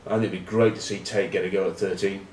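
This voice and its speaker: A man's voice: low-pitched, level tone, fast, a little mellow, slight background noise. A man, rambling wryly and cheekily in casual rugby chat to camera. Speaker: rugby pundit and vlog host. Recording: roomy echo, distant mic.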